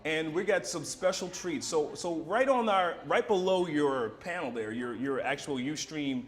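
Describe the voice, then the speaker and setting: A man's voice: fairly high pitch, expressive, moderate pace. Upbeat man hosting a livestream. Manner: enthusiastic, promotional. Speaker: host of a live charity broadcast. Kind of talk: upbeat live-stream hosting. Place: broadcast set in Philadelphia.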